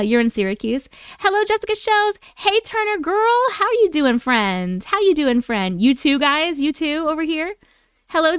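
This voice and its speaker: A woman's voice: fairly high pitch, fairly bright tone, smooth, no room sound, clean studio sound. A woman hosting a casual livestream, chatting and greeting viewers by name in a bubbly way. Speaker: livestream host. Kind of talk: casual chat reading live comments.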